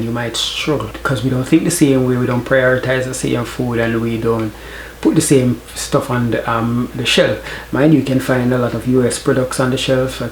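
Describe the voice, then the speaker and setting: A man's voice: medium pitch, darkish tone, echoey room, slight background noise, rough recording. A man with a Jamaican accent giving casual advice, conversational and often checking in with "right?". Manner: conversational, frequent "right?" tags, laughs easily. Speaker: vlogger.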